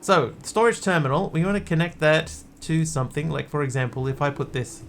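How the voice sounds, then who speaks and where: Gravelly-voiced man streaming a game. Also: a little high, a little fast, slight background noise. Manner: rambling and wry. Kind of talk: casual gameplay chat.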